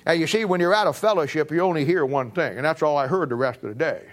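High-voiced man preaching a testimony. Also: quick pace. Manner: storytelling, swings from emphatic to low and quiet. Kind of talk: sermon testimony.

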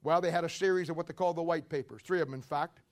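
A male preacher delivers a fiery sermon with rhetorical questions, and he tells his history as a story. His voice sits high for a man, and he climbs even higher and louder at his peaks. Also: fast.

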